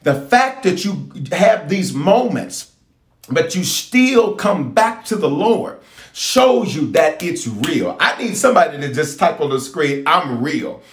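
Bishop preaching to online viewers. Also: male voice, on the high side, very animated, a little slow, reverberant. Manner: talks straight to online viewers, asks them to type and wave; repeats key phrases for emphasis. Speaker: bishop leading online prayer. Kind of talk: livestreamed prayer sermon.

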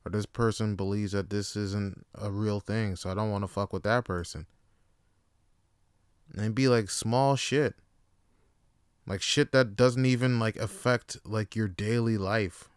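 A man hosting his own show, giving a rambling comic monologue full of swearing and deadpan asides. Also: fairly low pitch, measured pace, clean tone, no echo, clean studio sound. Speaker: podcast host and comedian. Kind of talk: casual comedic monologue.

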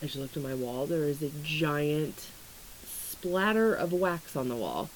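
A woman's voice: sits low, lively intonation, unhurried, a little hiss or hum, rough recording. A young woman talking casually in a vlog, rambling and candid, swearing freely and filling her talk with "like" and "um". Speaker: astrology content creator. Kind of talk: casual vlog about weight struggles and astrology.

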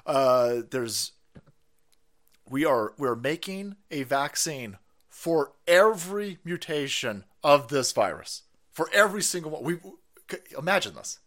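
Male streamer, profane and mocking, animated delivery with a somewhat high voice. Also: unhurried. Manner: swearing, heated, mocking. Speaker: stream host. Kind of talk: profane ranting commentary.

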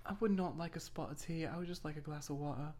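A woman's voice: sits low, steady tone, fast, darkish tone, natural voice. A woman putting on a mock British accent as a prim, polite British woman.

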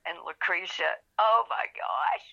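A woman author, telling her story in an interview with lively acted-out quotes. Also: fairly low pitch, measured pace, creaky. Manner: animated storyteller, acts out quotes. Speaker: author guest. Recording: dull lo-fi phone-like audio.

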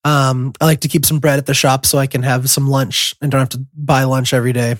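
A young man co-hosting a podcast, rambling through a casual story with lots of ums, throat-clearing and chuckles. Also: medium pitch, flat delivery, brisk, no echo, studio quality. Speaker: podcast co-host.

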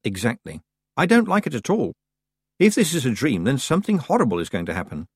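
A man reading an audiobook, voicing a young girl's calm, wry inner voice. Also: medium pitch, fairly quick, husky. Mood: wary. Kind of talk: audiobook character voice.

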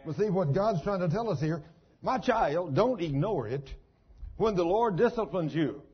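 A man's voice: high-pitched, lively intonation, normal speed, husky. An older man, a pastor, preaching a sermon in a folksy storytelling manner. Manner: folksy storytelling, down-home phrasing. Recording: dull lo-fi sermon recording.

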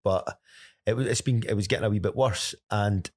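A man's voice: fairly low pitch, a little fast, no echo. A Scottish man telling a personal story in a casual podcast chat, earnest and step by step. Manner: earnest, recounts events step by step. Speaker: podcast co-host.

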